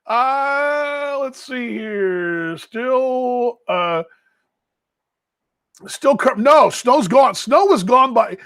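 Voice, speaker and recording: A man's voice: extremely high pitch, animated, drawn-out words, a bit bright, clean tone, no room sound. A man from Texas hosting a casual live stream from a ballpark as a team broadcaster, chatty and self-deprecating, rambling as he reads viewer comments aloud.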